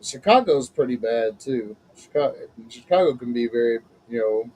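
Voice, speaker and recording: A man's voice: medium pitch, animated, moderate pace, darkish tone, low-quality recording. A man hosting a casual chat as a minister, folksy and chatty, laughing often. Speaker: host, minister.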